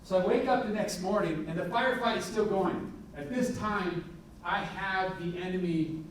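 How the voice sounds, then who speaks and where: A middle-aged man, a police chief, giving a candid, animated talk full of anecdotes in a university event hall. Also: high-pitched, moderate pace, a little hiss or hum. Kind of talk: public talk with war stories. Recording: echoey hall from a distant mic.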